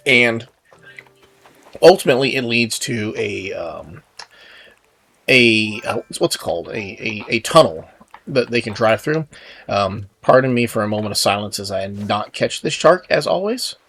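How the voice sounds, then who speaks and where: A man's voice: lowish voice, expressive, measured pace, a bit bright, breathy edge. A man casually chatting while he plays a video game, rambling and self-deprecating, with many fillers and restarts. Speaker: gaming video host. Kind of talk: casual gameplay commentary.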